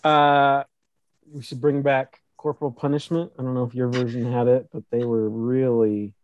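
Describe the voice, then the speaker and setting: A man's voice: mid-range voice, little pitch movement, normal speed, darkish tone, highs cut off, a little hiss or hum. Laid-back man reading his list. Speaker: podcast co-host. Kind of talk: casual chat.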